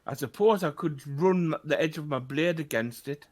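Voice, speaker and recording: A man's voice: a little high, moderate pace. An older man playing a tabletop game, thinking aloud hesitantly about his character's options. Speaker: player. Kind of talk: casual tabletop play.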